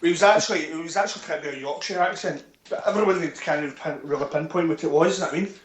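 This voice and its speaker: A man calling in to a casual football chat, wry and hesitant, often pausing with fillers. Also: a little high, roomy sound, poor audio. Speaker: caller guest.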